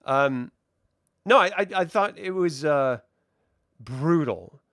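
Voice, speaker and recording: A woman's voice: low voice, slow, dry recording. A woman co-host in a casual review chat, cursing freely and breaking into laughs as she retells what happened. Her voice is close and dry, with no room sound around it. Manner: profane, laughing, animated retelling.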